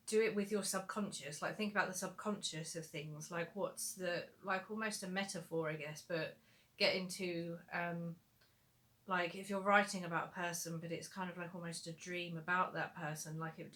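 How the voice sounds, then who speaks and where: A young woman with a fairly low yet bright, forward voice answers viewer questions in a relaxed live Q&A. She talks in a loose, chatty way, with frequent fillers. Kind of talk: casual livestream Q&A.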